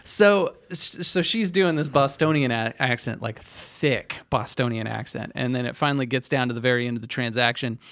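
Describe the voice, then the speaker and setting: A man's voice: medium pitch, moderate pace, few pauses. A man co-hosting a podcast, telling workplace stories in casual chat with lots of fillers. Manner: animated storyteller with many fillers. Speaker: podcast co-host.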